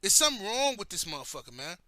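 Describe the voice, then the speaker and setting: A man delivers a heated, profane rant as a commentary host. His voice sits high and sounds strikingly bright. The recording is dry and close, with no room sound. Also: big pitch swings, quick pace, dry recording.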